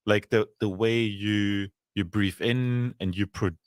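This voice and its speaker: A man's voice: on the low side, steady tone, slow, dry recording, studio quality. Hesitant man. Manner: hesitant, many restarts. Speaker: panel guest. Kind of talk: casual panel chat.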